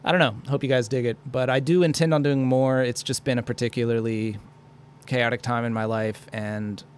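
Speaking at normal speed with fairly even intonation, this medium-pitched young male podcast host goes it alone on a studio mic. He rambles, curses, and pokes fun at himself as he vents, and there's a little background noise.

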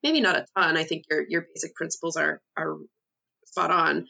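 A woman co-host in casual podcast chat, reassuring and reflective. Her voice sits low with a gravelly fry and a sharp, bright edge. The sound comes over a remote call. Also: steady tone. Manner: reassuring, reflective, quick to laugh.

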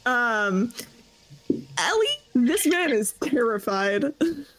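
A woman running a tabletop game as game master, narrating in a relaxed, hesitant way with many fillers. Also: a little high, slow, a little hiss or hum, low-quality recording.

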